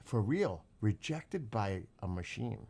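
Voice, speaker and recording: A man's voice: fairly low pitch, big pitch swings, slow, gravelly, darkish tone, husky. A middle-aged man hosting a livestream, telling stories in a loose, profane, casual way. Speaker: livestream host.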